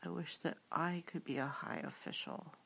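A woman reading the thoughts of an envious, discontented male stonecutter, quiet and wistful. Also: low-pitched, sing-song, normal speed, creaky, breathy edge, full character voice.

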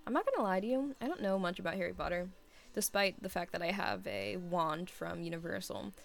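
A woman's voice: fairly low pitch, very animated, a little fast, creaky, faint music behind. A young woman in her twenties chatting casually as she answers listener questions, rambling and giggly, with many fillers. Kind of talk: casual chat.

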